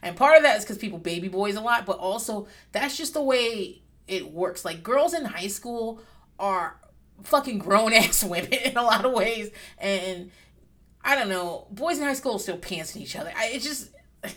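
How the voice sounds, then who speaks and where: A woman's voice: mid-range voice, lively intonation, normal speed, a bit bright. Candid, profane woman recapping TV. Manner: swears freely, rambling and candid, with bursts of laughter. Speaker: podcast host recapping a reality show. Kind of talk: casual chat.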